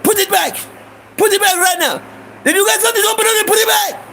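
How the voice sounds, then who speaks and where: A man's voice: very high-pitched, fast, gravelly, bright, forceful tone, a little hiss or hum, voice pushed up, full character voice. A man voicing a stern male shopkeeper who barks repeated commands at a kid he caught stealing. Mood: barking orders.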